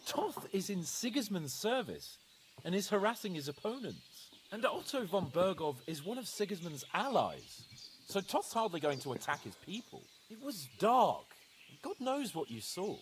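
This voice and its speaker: An actor playing a brash, lively young nobleman in a game, animated and shifting between solemn and scoffing. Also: high-pitched, normal speed, a little hiss or hum. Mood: incredulous. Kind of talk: game voice acting.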